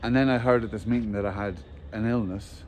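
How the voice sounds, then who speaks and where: A man's voice: on the low side, fairly even intonation, darkish tone, slight background noise. Candid man telling his story. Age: 40s. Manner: open, storytelling, halting restarts. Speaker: interview guest. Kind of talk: candid outdoor interview. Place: outdoors in a hillside village, walking.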